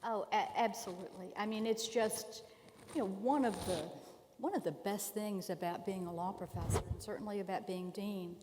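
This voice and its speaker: A woman's voice: mid-range voice, moderate pace, mellow, a little hiss or hum. Older lady, retired dean, earnest and reflective, hall echo trailing off long. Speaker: retired law school dean on a panel. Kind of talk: panel discussion on stage. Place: large conference hall.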